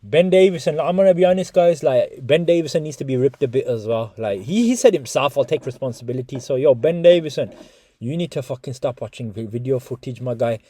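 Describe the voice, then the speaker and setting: A man's voice: mid-range voice, a little fast, no echo. A man giving casual, swearing boxing reaction commentary to his viewers. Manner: swearing, animated, talks to viewers as guys. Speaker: boxing YouTuber.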